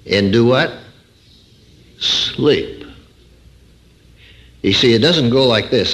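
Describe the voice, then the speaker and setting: A man's voice: fairly low pitch, sing-song, slow pace, creaky, pauses often, a bit bright. An older man preaching a sermon, quoting scripture and telling a story with rising emphasis.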